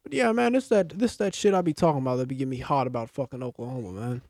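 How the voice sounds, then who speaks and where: A man's voice: medium pitch, racing, a little mellow, dry recording, clean studio sound. A young man co-hosting a casual sports podcast, ranting and swearing heatedly about his team's play. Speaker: podcast co-host.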